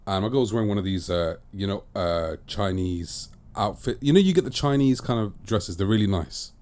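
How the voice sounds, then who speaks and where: Male co-host, chatty and animated, low voice that swings widely, rough humor. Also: moderate pace. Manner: animated, swinging between mumbles and loud bursts; crude, teasing banter. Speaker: podcast co-host. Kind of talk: casual podcast chat.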